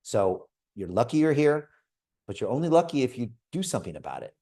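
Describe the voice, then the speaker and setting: A man in his fifties hosting a live video call, pitching with energy and telling stories. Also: brisk. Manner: energetic, persuasive, storytelling. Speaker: host.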